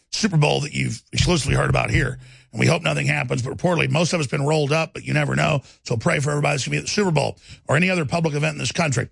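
A male talk radio host rants in heated, combative commentary, often repeating himself. His voice sits high with a gravelly edge. The sound is dry and close. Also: a bit bright, no echo. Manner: ranting, combative, repeats words.

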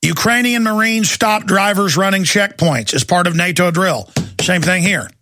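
A man's voice: high voice, moderate pace, bright, forceful tone, a little hiss or hum. A man hosting a talk radio show, talking intensely and emphatically in a long monologue.

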